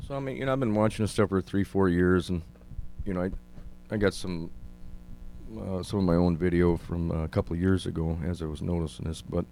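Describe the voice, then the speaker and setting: A man's voice: sits low, steady tone, fairly quick, mellow, a little hiss or hum. A man in an interview, talking hesitantly with many ums while narrating his own video clips.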